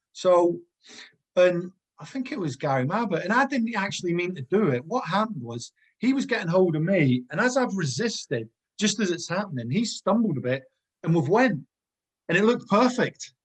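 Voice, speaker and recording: A man in his fifties tells his old football stories at a relaxed, rambling pace. His voice is husky and a little rough. He keeps wandering off into side stories and laughs as he goes. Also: sits high. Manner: rambling anecdotes, digresses, laughs often. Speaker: former footballer guest. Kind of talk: casual storytelling chat.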